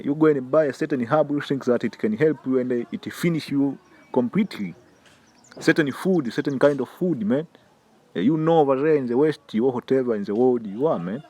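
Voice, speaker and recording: A man with a Tanzanian accent giving an informal preaching lesson, emphatic and repetitive, often stumbling over repeated words and calling the listener "man". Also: mid-range voice. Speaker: religious health teacher.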